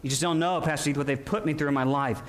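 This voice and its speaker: A man preaches a sermon with a voice that sits a little high for a man. He calls out to his listeners, and his emphasis rises and falls as he works through each point. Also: fairly even intonation, fast talker. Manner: preaching with call-and-response asides and shifting emphasis. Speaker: pastor.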